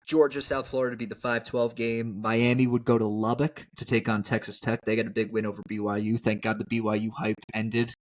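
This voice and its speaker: A man co-hosting a casual sports podcast, animated and quick to laugh, often talking over his partner. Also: lowish voice. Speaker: podcast co-host.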